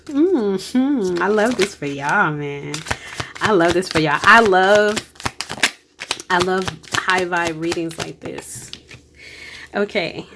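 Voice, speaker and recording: Over a noisy background, a woman speaks slowly with lively intonation at a medium pitch. She's giving an informal tarot-style energy reading, emotional and encouraging, stressing points with frequent exclamations and casual talk.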